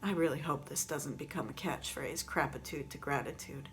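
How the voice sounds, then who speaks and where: A woman's voice: sits low, normal speed, a bit bright, a little hiss or hum. A woman talking earnestly and reflectively straight to her viewers in a gratitude vlog, recorded on her phone camera. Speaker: vlogger.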